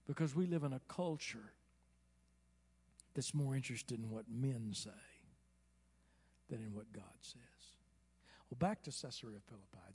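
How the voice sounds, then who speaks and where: A man preaching a sermon from the pulpit of a church, who moves from quiet, hushed asides to slow, loud, soaring exclamations. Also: medium pitch, gravelly, slightly rough. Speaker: pastor. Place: church sanctuary.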